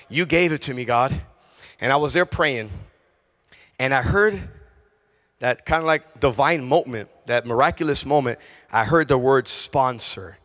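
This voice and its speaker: A male pastor preaching a sermon, telling a personal story in an animated way, acting out conversations and repeating key phrases. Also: mid-range voice, in a large hall. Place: church sanctuary.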